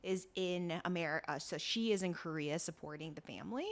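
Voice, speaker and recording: A woman's voice: on the low side, a little fast. A woman co-hosting a podcast, explaining at length in a chatty, casual way. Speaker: podcast co-host. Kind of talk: casual chat.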